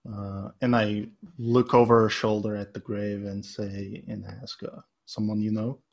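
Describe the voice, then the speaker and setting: Husky male player, low voice, voicing his sergeant with hesitant delivery. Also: flat delivery, a little slow, darkish tone. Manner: hesitant, filler-heavy speech. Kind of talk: playing a sergeant in a tabletop game.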